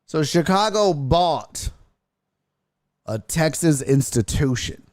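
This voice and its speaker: A man's voice: fairly high pitch, slow pace, dry recording, studio quality. A man hosting a casual live-streamed sports show, ranting and cursing freely. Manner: profane, ranting, animated.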